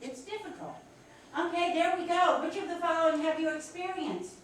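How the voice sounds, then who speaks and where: A woman with a Philadelphia accent teaching a professional etiquette class, animated and encouraging as she talks with her students. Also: extremely high pitch, brisk, distant mic, a little hiss or hum. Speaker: instructor. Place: large echoey classroom. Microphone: distant room mic. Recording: echoey room recorded from afar.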